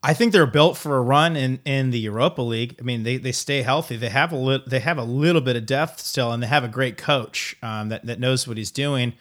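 A man's voice: mid-range voice, brisk, hardly any pauses, a bit bright. A man co-hosting a casual sports podcast, joking and rambling with lots of fillers. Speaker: podcast co-host.

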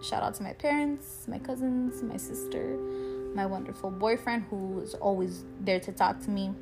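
A woman's voice: mid-range voice, normal speed, over loud music. A young woman hosting a podcast, talking about her own life in a candid, emotional way, swearing freely and laughing now and then. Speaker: podcast host. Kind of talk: casual personal monologue.

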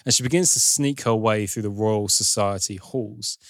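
A man's voice: on the low side, normal speed, no echo, studio quality. A man hosting a podcast, casually recounting a film's plot in a wry, lightly sardonic storytelling manner. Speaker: podcast host recapping a film. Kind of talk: casual film recap chat.

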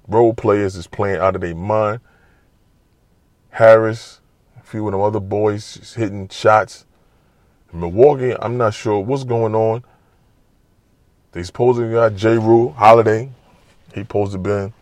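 A man giving a casual, animated, trash-talking basketball monologue full of slang. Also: lowish voice, no echo. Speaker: basketball commentator. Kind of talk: casual sports talk monologue.

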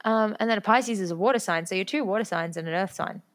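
A young adult woman chatting casually, telling work stories quickly and acting out the quotes with lively energy. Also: medium pitch. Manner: quick, animated storytelling, acts out quotes. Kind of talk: casual chat.

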